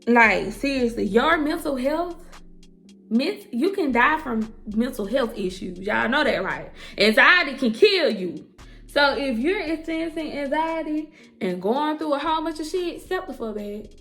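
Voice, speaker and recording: A young woman with a slightly high voice and gravelly fry tells her story to the camera. She is blunt and emphatic, swears freely, and calls her listeners girl and y'all. Faint music plays underneath. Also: expressive, a little slow, fairly bright tone. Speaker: hairstylist and entrepreneur.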